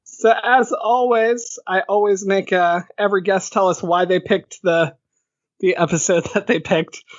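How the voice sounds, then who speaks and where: High-pitched host guy teasing his guest, muffled lo-fi audio. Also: fairly even intonation, a little slow, no room sound. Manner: teasing, laughs through his lines. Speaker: podcast host. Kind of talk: casual podcast chat. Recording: dull lo-fi podcast audio.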